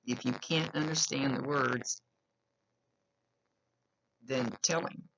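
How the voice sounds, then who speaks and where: A woman's voice: extremely low pitch, steady tone, slow pace, fairly bright tone, slight background noise. A woman psychic medium with a slight lisp, giving an earnest, reassuring reading and repeating key phrases. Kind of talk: giving a spoken reading to a client. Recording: dull lo-fi recording.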